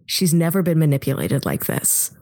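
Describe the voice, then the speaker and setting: A woman's voice: sits low, sing-song, normal speed, dark tone, no echo, studio quality. A woman co-hosting a casual film-review podcast, making wry asides. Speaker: podcast co-host.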